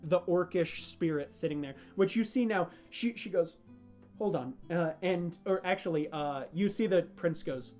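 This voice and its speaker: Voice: mid-range voice, moderate pace, hardly any pauses, a little mellow, faint music behind. A game master narrating a homebrew tabletop game in a rambling, hesitant way, full of fillers and restarts.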